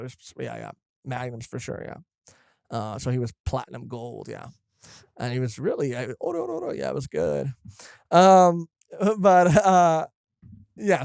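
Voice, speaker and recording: A young man co-hosting a podcast in casual chat, rambling and excitable, often correcting himself. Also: fairly high pitch, creaky, no room sound, studio quality. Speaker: podcast co-host.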